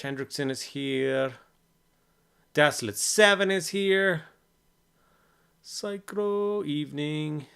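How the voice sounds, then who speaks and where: A man's voice: medium pitch, gravelly. A man chatting casually on a live stream, greeting viewers by name and joking as he works. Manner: chatty, greets chat by name, jokey asides. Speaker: hobby streamer.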